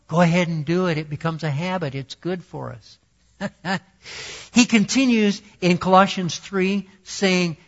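A man's voice: high-pitched, a bit bright. A man preaching a sermon in a conversational, self-deprecating way, with laughing asides. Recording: dull lo-fi recording.

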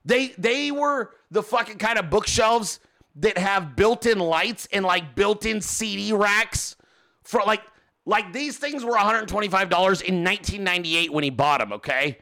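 A man with a high, bright, forceful voice tells a story as a podcast host. He is animated and exasperated, and he curses heavily as he rants. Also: normal speed. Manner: animated, exasperated, heavy cursing. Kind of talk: profane storytelling rant.

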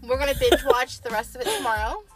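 A woman's voice: sits high, lively intonation, fast, music in the background, poor audio. A woman in her thirties, a podcast co-host making brief, dry remarks. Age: 30s. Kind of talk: casual podcast chat.

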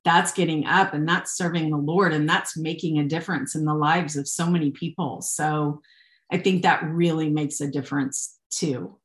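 A woman's voice: low voice, steady tone, normal speed. A woman guest on a faith podcast, talking earnestly about serving God, rambling through restarts and growing emotional. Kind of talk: casual faith conversation. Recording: echoey room.

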